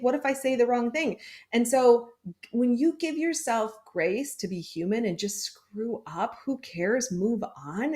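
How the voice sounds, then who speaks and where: A woman sales coach speaking as a podcast guest, encouraging and laughing easily. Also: medium pitch. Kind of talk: podcast interview.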